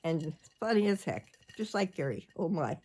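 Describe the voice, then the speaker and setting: A woman's voice: on the low side, expressive, normal speed, a little mellow, breathy edge. An older woman, chatting casually to her viewers and jumping from one subject to the next. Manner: rambling, chatty, jumps between subjects. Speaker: vlogger. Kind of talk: casual chat.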